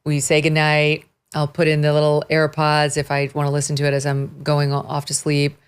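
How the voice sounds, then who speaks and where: A middle-aged woman talks as a podcast guest with a notably low voice. She is candid and animated and laughs easily as she talks. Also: fairly quick, clean tone. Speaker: interview guest. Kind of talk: casual conversational interview.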